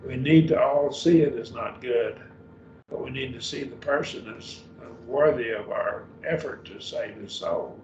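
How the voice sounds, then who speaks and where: An older man preaches in a loose, folksy, rambling manner, his voice rough with gravel. He is recorded from across an echoey church room. The sound is dull and muffled, with faint room ambience behind it. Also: medium pitch, a little slow, darkish tone, recorded from a distance, a little hiss or hum. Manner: rambling, folksy, explains Greek word order. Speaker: preacher teaching a Bible class. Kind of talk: unscripted Bible lesson.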